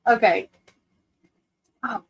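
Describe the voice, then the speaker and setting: Speaking very slowly on a rough recording, a woman hosts a casual livestream from home. She's chatty and self-deprecating, addressing both her viewers and her computer.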